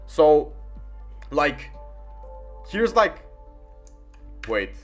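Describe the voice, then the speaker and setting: A man's voice: a little high, sing-song, extremely slow, faint music behind. A young man giving rambling, casual commentary while gaming, full of fillers and swearing.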